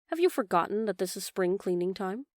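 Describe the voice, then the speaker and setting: Woman voicing a brisk careless boy, self-absorbed, dry sound, storybook. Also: mid-range voice, expressive, no room sound, natural voice. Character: self-absorbed boy who never grew up.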